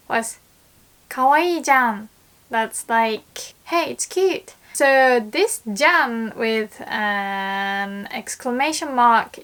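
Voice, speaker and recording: A woman teaching Japanese in a casual video lesson, chatty and quick to act out example lines. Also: fairly high pitch, gravelly, fairly bright tone.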